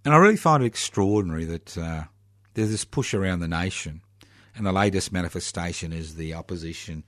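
A man talks through a political monologue in a lowish voice, sardonic and full of rhetorical questions. He slows down to stress key words. The recording is close and dry. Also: a bit bright, no echo. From Australia.

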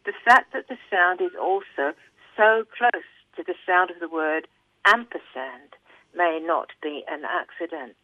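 A book reviewer reading a scripted review aloud in a measured, deliberate way. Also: medium pitch, no room sound. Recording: tinny phone-like line, dry.

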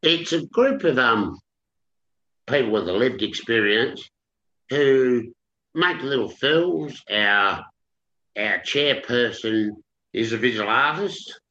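A man answers interview questions in a halting, stop-start way, his bright voice lifting and falling a lot. The sound is roomy and a little dull, like an older radio studio recording. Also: medium pitch, lively intonation. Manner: hesitant, with frequent restarts and fillers. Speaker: author and interview guest. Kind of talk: interview chat and reading from his novel.

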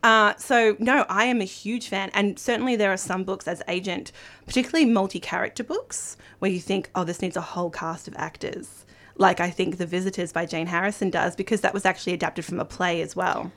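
A woman's voice: medium pitch, fairly quick, a bit bright. A woman with an Australian accent, an author and literary agent talking enthusiastically as a radio guest. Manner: chatty, enthusiastic. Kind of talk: casual radio interview.

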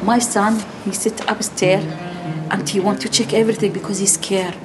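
A middle-aged woman giving personal testimony, speaking slow, halting non-native English in short phrases. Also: mid-range voice, steady tone, noisy background.

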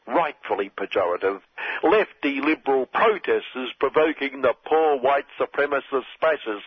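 Sardonic Australian man, husky and dry. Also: medium pitch, no room sound. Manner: sardonic, mock-earnest irony. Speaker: satirical commentator. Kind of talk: satirical monologue. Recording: dull lo-fi dry recording.

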